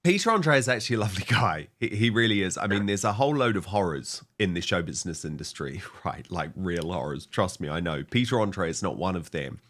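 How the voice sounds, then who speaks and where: A man hosting a talk show, delivering his lines in an animated, emphatic way. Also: sits low, a little fast, few pauses. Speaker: host.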